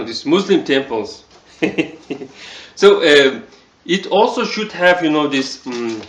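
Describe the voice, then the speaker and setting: A man with a Mongolian accent giving a casual spoken review, halting and full of fillers. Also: mid-range voice, fairly bright tone, roomy sound. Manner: halting, many fillers like "you know, this". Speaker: video reviewer.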